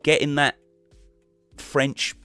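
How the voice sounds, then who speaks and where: A man's voice: a little high, monotone, extremely slow, pushed and bright, clean tone, no room sound, soft background music. A man chatting casually as a guest on a live stream, rambling and restarting his sentences.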